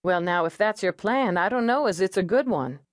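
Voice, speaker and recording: A woman reading an audiobook voices a steady female police negotiator, calm and coaxing. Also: medium pitch, a little fast, no room sound, studio quality, lightly acted.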